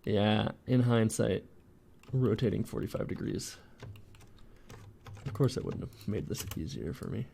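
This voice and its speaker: Slow, gravelly man muttering while modeling. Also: fairly low pitch, dark tone, a little hiss or hum. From Canada. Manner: mutters to himself, exasperated, self-mocking. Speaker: indie game developer streaming. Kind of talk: livestream chat while 3D modeling.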